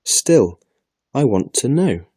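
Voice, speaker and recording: A man's voice: fairly low pitch, expressive, takes it slowly, dark tone, no room sound, voice pushed up. A man voicing a timid, curious little girl who asks pleading questions in a raised voice, reading a storybook aloud. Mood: plaintive.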